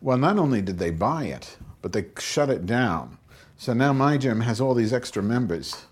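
Expressive and a bit breathy, this man's mid-range voice moves at a normal speed. He hosts his own podcast, wandering through crude funny stories and acting out both halves of conversations, with quotes delivered in a raised voice.

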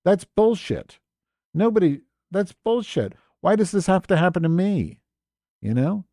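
A man's voice: high voice, sing-song, unhurried, mellow, no room sound, clean studio sound. A man hosting a live stream, ranting with exasperated, profane sarcasm as he comments on his screen. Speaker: podcast host.

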